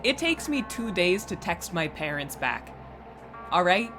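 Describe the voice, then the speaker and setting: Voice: mid-range voice, big pitch swings, unhurried, pushed and bright. Rambling streamer over game music. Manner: rambling, self-deprecating, often trailing off and restarting. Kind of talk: casual chat while playing a game.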